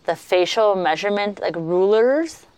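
A woman co-hosting a podcast, telling travel stories in a chatty, animated way with lots of fillers. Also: medium pitch, a little slow, clean tone, no room sound. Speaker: podcast co-host. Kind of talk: casual travel storytelling.

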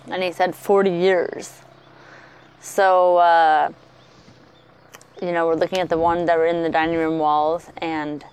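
A woman co-hosting a podcast, telling travel stories in a chatty, animated way with lots of fillers. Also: on the low side, clear, resonant tone. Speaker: podcast co-host. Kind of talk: casual travel storytelling.

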